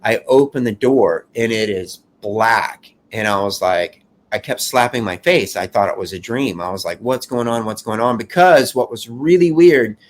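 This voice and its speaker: A man giving an emotional first-person account of surviving a fire, in an earnest, halting way with many restarts. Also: mid-range voice.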